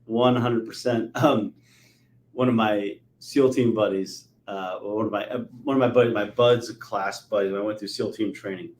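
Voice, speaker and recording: A man in his forties hosting a podcast interview, telling stories with lively energy. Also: fairly low pitch, moderate pace. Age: 40s. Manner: animated storyteller, acts out quotes. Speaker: podcast host. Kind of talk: conversational interview. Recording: echoey room.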